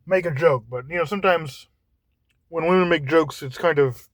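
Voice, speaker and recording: A man talking in a casual monologue, halting and often repeating words as he searches for how to phrase things. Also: a little high, no room sound.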